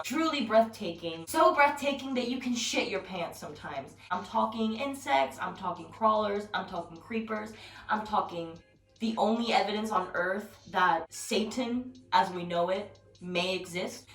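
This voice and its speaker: A young woman vlogging at home in a blunt, profane, animated rant, recorded from a distance with background music. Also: mid-range voice. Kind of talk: casual rant to camera. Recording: roomy, distant from mic, music behind.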